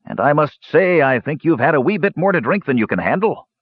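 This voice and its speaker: A man voicing a gruff, jovial old male dwarf with a sly streak, in a storybook reading. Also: fairly high pitch, sing-song, brisk, no echo, lo-fi sound, pitched above the performer's own voice. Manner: hearty, toasting.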